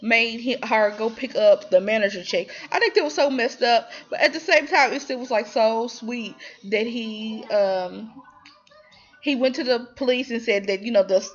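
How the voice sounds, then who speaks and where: A woman's voice: on the high side, normal speed, muffled recording. A woman casually recapping a TV drama episode, rambling with lots of fillers and restarts and slipping into quoted voices. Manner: animated, slips into quoted voices.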